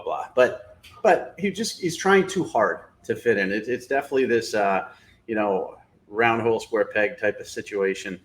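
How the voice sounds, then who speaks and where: A middle-aged man hosting a sports show, giving blunt, opinionated analysis in casual talk with lots of fillers. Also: lowish voice.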